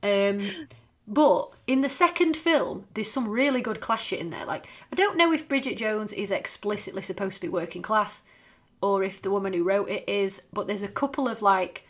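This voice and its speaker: Woman, thirties, casual podcast chat, sweary, animated. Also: mid-range voice, normal speed. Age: 30s.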